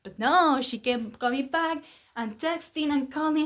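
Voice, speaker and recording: Young woman venting on a vlog, kinda high voice, rambly and swears a lot. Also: measured pace, fairly bright tone. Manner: rambling, candid, swears freely. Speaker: vlogger. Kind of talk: casual confessional vlog.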